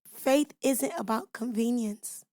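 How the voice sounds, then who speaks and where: On her devotional podcast, a woman teaches scripture in a forceful preaching cadence, speaking to listeners informally and directly and asking them rhetorical questions. Her voice is fairly high and mellow, and she moves at a slow pace. The audio is dry with clean studio sound.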